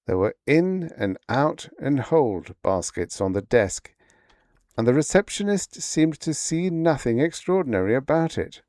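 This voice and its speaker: Brief: male sleep-story narrator, slow and low, wide expressive pitch, dry close mic. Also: no echo.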